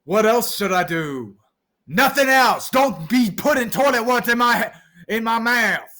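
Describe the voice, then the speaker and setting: A man vlogging and rambling through silly off-the-cuff freestyle raps, bursting into shouts now and then. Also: extremely high pitch.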